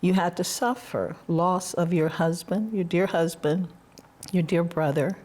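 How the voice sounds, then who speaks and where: A woman's voice: fairly low pitch, a little slow, darkish tone. A woman hosting an interview, telling reflective stories and encouraging her guest with affirming questions. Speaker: podcast host. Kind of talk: heartfelt conversational interview.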